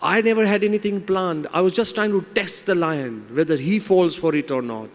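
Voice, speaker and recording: A sly, cowardly man from a spoken fable wheedles and bargains, as a male storyteller puts him on. The voice sits at an ordinary middle pitch. A long reverb from a big hall trails every phrase. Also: measured pace, close to an everyday voice. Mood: pleading. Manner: wheedling, pleading.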